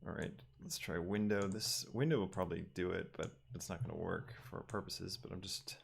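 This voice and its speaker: Low gravelly man thinking aloud. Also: fairly even intonation. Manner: thinking aloud, halting with ums and restarts. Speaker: 3D artist livestreaming his work. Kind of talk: casual livestream talk while working.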